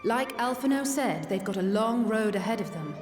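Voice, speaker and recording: A woman's voice: fairly high pitch, expressive, normal speed, roomy sound, big-room sound, soft background music, natural voice. An actress playing a determined young woman adventurer who talks in a plain, direct way. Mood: resolute.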